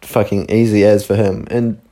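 Low-voiced young New man telling a story. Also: little pitch movement, normal speed, vocal fry, mellow. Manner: rambling, sweary, laughs often. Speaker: podcast co-host. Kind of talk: casual storytelling chat.

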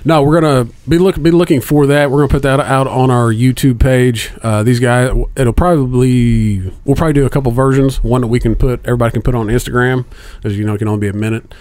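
A man's voice: mid-range voice, fast, few pauses, darkish tone, dry recording. A man co-hosting a podcast, chatting casually, swearing freely and laughing often. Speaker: podcast co-host. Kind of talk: casual chat.

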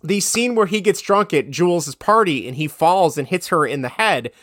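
A woman's voice: on the low side, expressive, normal speed, no room sound, studio quality. A woman co-hosting a casual chat about a movie, rambling, quoting scenes and searching her notes aloud. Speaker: podcast co-host.

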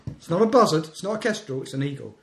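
English male podcast co-host, deadpan banter, slightly higher voice, roomy echo. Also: fast, a little hiss or hum. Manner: dry, deadpan joking. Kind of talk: casual chat. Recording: echoey room.

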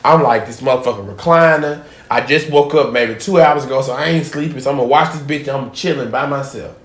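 A man hosting a casual podcast, telling a profane story with animated swings between loud bits and hushed asides. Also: medium pitch, a little fast. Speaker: podcast host. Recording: echoey room.

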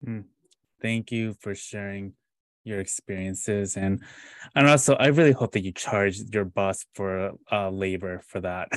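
A man hosting a podcast interview, responding in a measured, reflective way with hesitant pauses. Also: fairly low pitch, no room sound. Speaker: podcast host.

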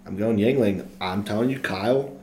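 A man's voice: fairly low pitch, moderate pace, darkish tone, reverberant, slight background noise. A man co-hosting a casual podcast, talking in a boisterous, playful trash-talking way. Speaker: podcast co-host. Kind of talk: casual chat.

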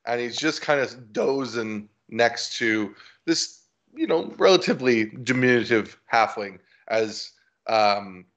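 A man's voice: medium pitch, fairly bright tone. A man playing a tabletop game, casual and playful, laughing often. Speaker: player. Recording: dull lo-fi audio.

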